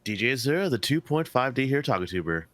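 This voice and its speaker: A man's voice: mid-range voice, big pitch swings, fast, fairly bright tone. A man co-hosting a casual podcast chat, filling his speech with "like" and "uh" and laughing often. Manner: filler-heavy, laughs often. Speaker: podcast co-host.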